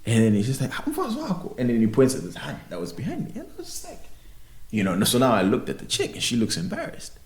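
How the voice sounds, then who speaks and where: A man co-hosting a podcast, telling a story in a casual, animated way and laughing often. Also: medium pitch, fast talker. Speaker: podcast co-host. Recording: roomy echo.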